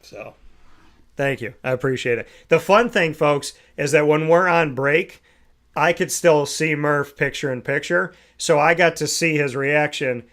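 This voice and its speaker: Brisk, upbeat male sports show host. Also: on the high side, a bit bright. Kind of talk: casual morning show chat.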